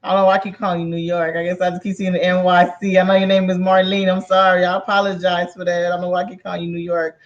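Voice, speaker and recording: A man's voice: high voice, monotone, racing, hardly any pauses. A man co-hosting a casual live stream, friendly and apologetic as he reads out and answers viewer comments. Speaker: co-host. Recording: dull lo-fi audio, a bit off-mic.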